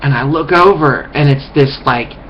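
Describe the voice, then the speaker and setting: A male vlogger with a mid-range voice delivers a rambling, contemptuous rant to camera at normal speed, full of restarts and swearing. The lo-fi recording sounds dull, with faint hiss.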